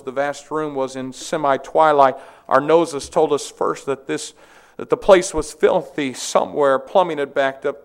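A man's voice: fairly high pitch, a bit bright, smooth. A man preacher reading a memoir aloud to his congregation in an earnest, dramatic way.

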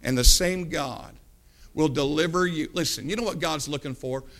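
A man preaching a sermon, fervent, swinging from low asides to loud climaxes and acting out Bible characters as he tells the stories. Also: normal speed. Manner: acts out Bible characters in the telling.

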